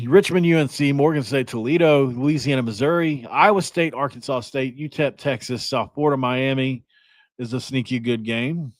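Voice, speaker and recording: A man's voice: medium pitch, moderate pace, dry recording. A young man from West Virginia hosting a casual sports podcast, rambling and joking in a self-deprecating way. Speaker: podcast host.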